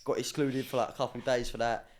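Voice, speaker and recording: A young man, telling stories in a slangy, cheeky, animated way during a casual podcast chat. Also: medium pitch, fast talker, a little hiss or hum. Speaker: podcast guest, former academy footballer.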